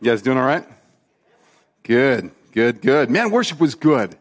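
A pastor preaching a relaxed, conversational sermon live in church, full of fillers and repeated phrases. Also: male voice, mid-range voice, a little slow, faint music behind. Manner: chatty, loose, repeats himself, many fillers. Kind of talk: casual spoken sermon to a live congregation. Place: church service, sanctuary.

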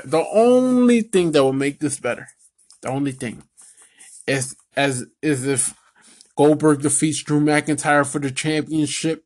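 On the high side and a little slow, a male wrestling commentary vlogger rambles through a casual solo rant with fillers, calling his audience "people." He moves from excitement to angry, sweary ranting as he gets worked up.

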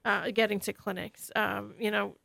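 A woman talks as a radio interview guest about public health services in a relaxed, conversational way. Her voice is gravelly with vocal fry. The studio sound is dry and close. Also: medium pitch, normal speed, dry recording, poor audio. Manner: relaxed, conversational, lots of fillers. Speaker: county public health deputy director. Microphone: studio microphone.

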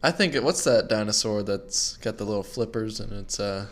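A man's voice: fairly low pitch, moderate pace. A young man co-hosting a casual podcast, chatting and cutting in with jokes and questions. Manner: chatty, interjecting and joking. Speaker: podcast co-host. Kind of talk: casual chat.

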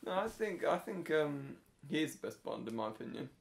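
A man's voice: on the high side, sing-song, fairly quick, gravelly. A man co-hosting a podcast in casual chat, rambling and hesitant but playful. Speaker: podcast co-host.

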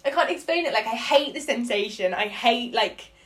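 A young woman chatting casually as a podcast co-host, expressive and full of slang. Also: fairly high pitch, moderate pace. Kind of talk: casual chat.

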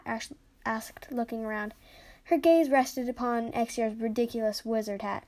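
A woman narrating a children's adventure story aloud. Her delivery is lively, and her voice sits fairly high. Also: moderate pace. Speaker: story reader.

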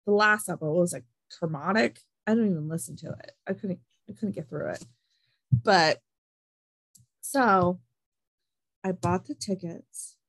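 A young woman telling an animated story in casual chat, filling her talk with "like". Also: mid-range voice, no echo, low-quality recording.

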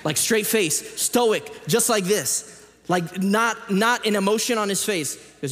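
A man preaching a sermon as a pastor, moving between quiet scripture reading and loud, animated emphasis. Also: high-pitched, a little slow. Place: church auditorium. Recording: long reverb of a large hall.

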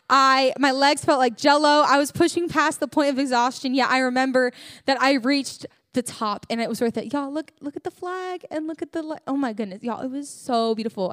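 A young woman giving a sermon, telling a story in a chatty, animated way with lots of filler words. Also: high voice, no room sound, clean studio sound. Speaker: church speaker.

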